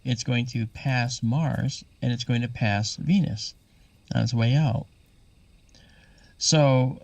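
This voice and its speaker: A man's voice: mid-range voice, vocal fry, a little mellow, no room sound, distant mic. A man patiently explaining astronomy as a guest in an interview, spelling out terms as he goes.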